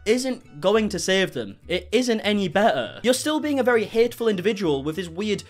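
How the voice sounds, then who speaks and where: A man's voice: high voice, sing-song, brisk, soft background music. A man doing reaction commentary, sarcastic and incredulous, swearing often. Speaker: commentary YouTuber.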